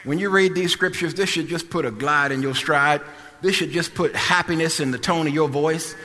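A male preacher, preaching a sermon in a shouting, sing-song style with bursts of laughter. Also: a little high, normal speed, long reverb tail.

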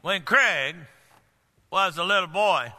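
An older man preaching a sermon, swinging between loud outbursts and low hushed lines. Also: slow. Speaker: pastor. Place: large church hall. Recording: long hall reverb.

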